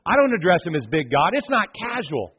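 A man preaching a sermon in a lively, conversational way, acting out quoted voices with playful emphasis. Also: sits high, a little fast, breathy edge, highs cut off. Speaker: pastor.

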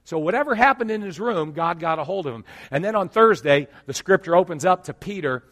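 A man preaching a sermon, telling stories and swinging from hushed tones to loud emphatic preaching. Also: high-pitched, lively intonation, a little fast. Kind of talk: sermon with storytelling.

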